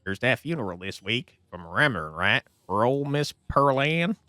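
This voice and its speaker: A man voicing a bitter, gruff male coal miner who talks slowly and spitefully. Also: mid-range voice, sing-song, pushed and bright, no room sound.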